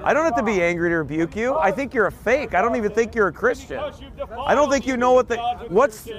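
A man's voice: very high-pitched, animated, fairly quick. Insistent male street preacher over crowd noise. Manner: rebuking, insistent, repetitive. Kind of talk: open-air confrontational preaching. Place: outdoors on a city street.

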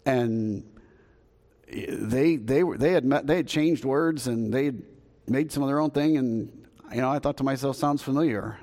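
In a church sanctuary, a pastor with a Southern US accent preaches at a moderate pace, his mid-range voice a bit mellow. He talks to the congregation in a folksy, conversational way, asking them questions. A long hall reverb fills the recording.

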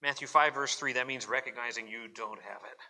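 A man's voice: mid-range voice, steady tone, brisk, pushed and bright. A pastor preaching a sermon at a church service in an earnest, emphatic way, often repeating words as he presses a point.

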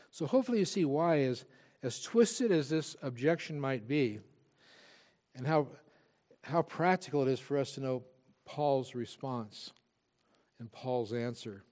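A man's voice: mid-range voice, mellow. A male pastor preaching a sermon, earnest and emphatic, with frequent restarts.

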